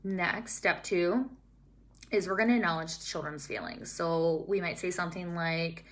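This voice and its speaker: A young woman, a childhood teacher calmly explaining steps to colleagues. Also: fairly low pitch, moderate pace. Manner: calm, steady, explains step by step. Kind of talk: scripted-feeling teaching talk to staff.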